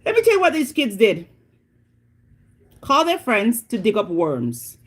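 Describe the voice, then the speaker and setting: She's a middle-aged woman from Jamaica whose fairly high voice takes its time as she vlogs. With a Jamaican accent, she chats casually and tells her story in an animated, dramatic, exclamatory way.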